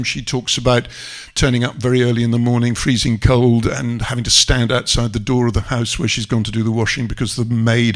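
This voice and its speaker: A man giving a wry, measured talk on stage with slides, pausing often to find his words. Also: mid-range voice, vocal fry. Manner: wry and measured, with frequent hesitations. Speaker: guest speaker at a public talk. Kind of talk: lecture with slides. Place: live event venue.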